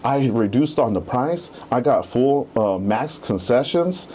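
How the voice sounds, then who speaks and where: A man in his thirties, a real estate agent and podcast guest, telling his story in a casual, animated way and acting out the quotes. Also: mid-range voice, measured pace.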